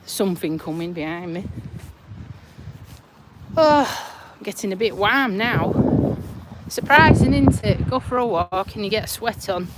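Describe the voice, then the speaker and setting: A woman's voice: medium pitch, lively intonation, measured pace, pauses often. An English woman chatting to her live viewers while she walks along a roadside footpath, teasing and laughing often, a little out of breath, speaking into a hand-held phone. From England. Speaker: vlogger. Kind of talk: casual live-stream chat. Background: passing traffic.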